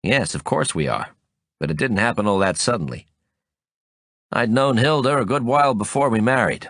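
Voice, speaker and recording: A gruff older British man speaks in brisk, clipped bursts, calling his friend "old son." A male narrator puts him on with a voice dropped lower than his own. It is a dry, close storybook reading. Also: lively intonation, a bit bright, no room sound.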